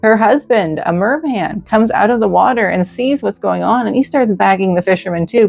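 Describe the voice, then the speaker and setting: Woman host narrating a sleep story, gentle and soothing, slightly dull recording with faint music. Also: medium pitch, normal speed, creaky, few pauses. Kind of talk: calm bedtime storytelling.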